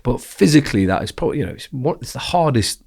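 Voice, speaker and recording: A man's voice: mid-range voice, quick pace, breathy edge. A man with an English accent, a former special forces sniper telling his stories frankly in a casual podcast interview, swearing often. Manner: frank, heavy swearing, animated retelling.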